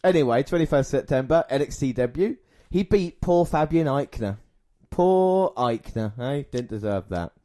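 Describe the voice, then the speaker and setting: A man's voice: medium pitch, expressive, measured pace, mellow. A man hosting a podcast in casual chat, crude and sarcastic, swearing freely and often mimicking the people he talks about. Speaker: podcast host. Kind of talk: casual chat reviewing wrestling content.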